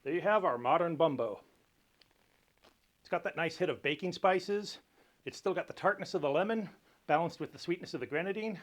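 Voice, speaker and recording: Male cocktail host, slightly high voice, dry jokey explainer. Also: fairly quick, pauses often. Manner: dry, lightly joking explainer. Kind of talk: casual cocktail tutorial.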